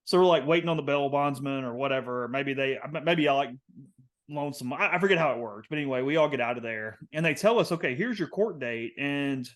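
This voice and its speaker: A young man with a Southern American accent, casually telling a long story on a podcast, rambling with lots of fillers and getting animated. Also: medium pitch, fairly quick. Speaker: podcast co-host.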